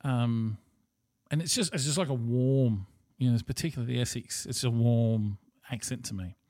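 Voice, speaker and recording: A man's voice: mid-range voice, moderate pace, a little mellow, no echo, clean studio sound. Blunt, rambling Australian man. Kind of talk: casual monologue.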